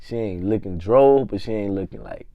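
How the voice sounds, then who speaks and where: Low-voiced man telling a slangy story. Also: normal speed, no room sound, muffled recording. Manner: animated slangy storytelling, swings from hushed to loud. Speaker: vlogger. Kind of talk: casual storytime.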